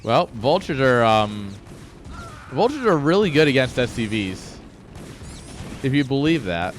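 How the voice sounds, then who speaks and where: A man's voice: medium pitch, big pitch swings, a little slow, slight background noise. Rambling, joking male game caster. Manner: rambling, joking, swears freely. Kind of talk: casual live-stream commentary.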